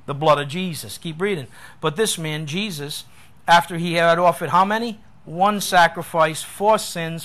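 A fairly high-voiced man delivering a sermon as pastor. He keeps asking his listeners questions and pushes his voice up to loud, forceful peaks when he drives a point home. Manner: preaching with questions to the congregation, rising to loud emphatic peaks.

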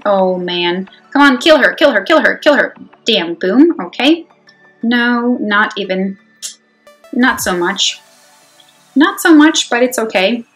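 A fairly high-voiced woman talks through her own mobile game live, excitable and chatty, jumping from loud outbursts to low self-directed muttering. Faint music plays behind her. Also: rough recording. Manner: excitable, swinging between loud exclamations and quiet muttering to herself. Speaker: mobile game player and channel host. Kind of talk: live gameplay commentary. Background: faint background music.

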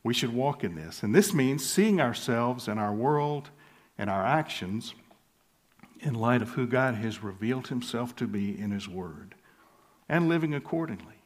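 A man preaching a sermon as pastor, earnest and measured, slowing down for emphasis and chuckling lightly now and then. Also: medium pitch, animated. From southern United States.

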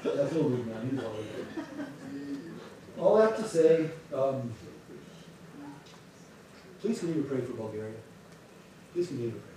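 Pastor, male, animated storyteller; distant mic, big room echo, faint hiss. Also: medium pitch, moderate pace, pauses often. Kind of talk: church announcements before a sermon. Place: church sanctuary. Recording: echoey sanctuary, distant mic.

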